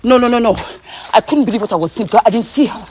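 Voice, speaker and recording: A woman's voice: fairly high pitch, lively intonation, fast talker, a little mellow. Woman, out of breath, stammering, repeating words, phone vlog while walking, faint background hiss. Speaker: vlogger. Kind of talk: excited storytelling to camera. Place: walking outdoors on the way home.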